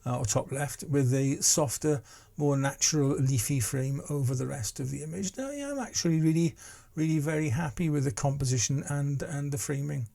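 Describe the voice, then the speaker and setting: Older man, sixties, gravelly voice, casual vlog chat, rambling, self-mocking. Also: on the high side, normal speed, hardly any pauses, dark tone. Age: 60s. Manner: rambling, self-deprecating, full of restarts. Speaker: vlogger.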